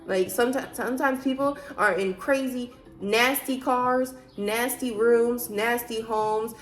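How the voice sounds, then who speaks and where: A woman's voice: a little high, fairly even intonation, unhurried, faint music behind. Woman giving an emphatic faith talk. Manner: emphatic, preachy, many rhetorical questions; loose, chatty, frequent fillers. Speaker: vlogger. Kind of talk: casual faith talk to camera.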